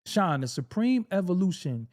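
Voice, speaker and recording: A man's voice: sits high, sing-song, moderate pace, darkish tone. A man hosting a casual reaction video, joking, laughing often and swearing freely as he comments on clips.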